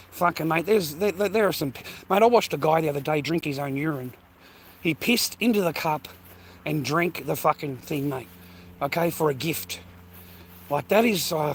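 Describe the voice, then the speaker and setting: A slightly high-voiced Australian man rambles and swears through a casual vlog while walking outdoors. He is a touch breathless from the pace, with faint street noise behind him. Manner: profane, rambling, blokey slang. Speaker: vlogger. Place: outdoors on foot.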